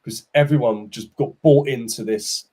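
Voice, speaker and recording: A man's voice: medium pitch, normal speed, mellow. A man in his forties, a company boss talking candidly as a podcast guest, telling stories in a chatty way with casual slang. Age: 40s. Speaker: startup CEO, podcast guest. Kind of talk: casual interview chat.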